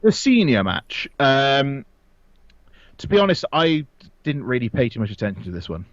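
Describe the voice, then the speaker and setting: A man's voice: medium pitch, very animated, normal speed, dry recording, dull audio. A man co-hosting a casual wrestling review podcast, rambling with lots of fillers and frequent laughs. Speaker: podcast co-host. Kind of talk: casual chat.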